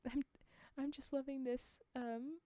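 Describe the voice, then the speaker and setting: A woman reads a fairy tale aloud on a live stream, pausing often to laugh and chat with her viewers. Her voice is fairly high yet mellow and soft. The close microphone sounds dry, with no room echo. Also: steady tone. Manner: chatty asides to chat, frequent laughs. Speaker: storyteller streamer.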